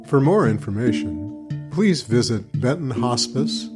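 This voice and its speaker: A male podcast host closes the episode with a lively, expressive voice that rises and falls a lot. Loud plucked guitar music plays under him. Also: medium pitch, a little slow. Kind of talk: podcast outro.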